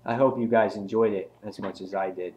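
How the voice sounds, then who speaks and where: A man reviewing a comic book in a casual video, retelling scenes excitedly with many restarts. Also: lowish voice, brisk, highs cut off.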